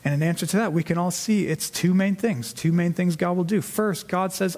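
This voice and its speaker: Male Bible teacher with a high voice, explanatory, poses and answers his own questions. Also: a little fast, few pauses, darkish tone. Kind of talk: scripted Bible study teaching.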